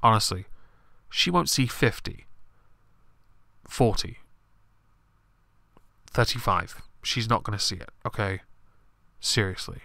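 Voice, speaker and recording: A man's voice: on the low side, slow pace, creaky, pauses often, bright, forceful tone, no echo. A man giving blunt, sarcastic live-stream commentary on politics, swearing often.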